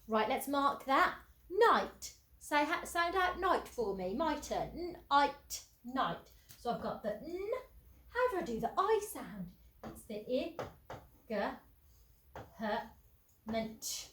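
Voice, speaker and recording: A woman's voice: sits high, sing-song, takes it slowly, a bit bright. A woman teacher, giving a phonics lesson and sounding out letters in an encouraging way. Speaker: primary school teacher. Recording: echoey room, faint background noise.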